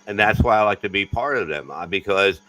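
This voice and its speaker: A man's voice: lowish voice, animated, brisk, bright, forceful tone, rough recording. A man, a comedian guest, talking bluntly and profanely in a casual podcast chat.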